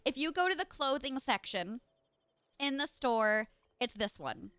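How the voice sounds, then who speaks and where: A woman's voice: high-pitched, very animated, unhurried, fairly bright tone, clear, resonant tone, dry recording. A young woman live streaming a game, chatting casually and gushing as she talks straight to her viewers. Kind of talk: casual live-stream chat while gaming.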